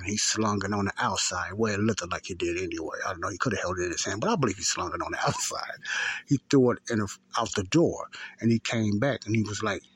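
This is a man, hosting a faith talk show. His voice is low, gravelly and husky. He tells his story in loose, repetitive loops, full of fillers and restarts. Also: a bit bright. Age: 50s. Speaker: podcast host. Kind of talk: casual spoken testimony.

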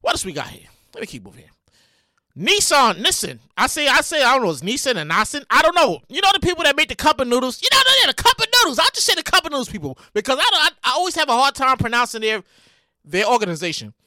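Animated, exasperated podcast host woman. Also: high voice, very fast, no echo. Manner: loud, exasperated and animated, with profanity and repeated phrases. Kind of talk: comedic news commentary.

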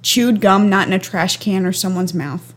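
A woman's voice: medium pitch, moderate pace. An eighteen-year-old woman chatting casually as a guest, rambling with lots of ums and likes. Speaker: guest sister. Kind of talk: casual chat.

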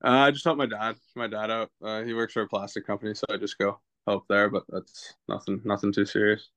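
A man's voice: fairly low pitch, little pitch movement, brisk, fairly bright tone, no echo. A young man from the West Coast, a baseball player guest, laid-back and hesitant with lots of "uh" and laughs. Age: young adult. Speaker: college baseball pitcher, guest. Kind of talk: casual interview.

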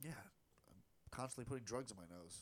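Profane joking New podcast host. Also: male voice, mid-range voice. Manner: profane, joking, quick jabs. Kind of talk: casual crude banter.

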